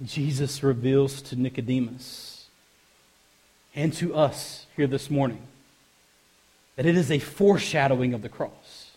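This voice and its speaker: A man preaching a sermon in a church service and reading scripture, swinging from soft, low asides to loud, emphatic passages, with repeated phrases for emphasis. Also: unhurried, long pauses, slightly rough. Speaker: pastor.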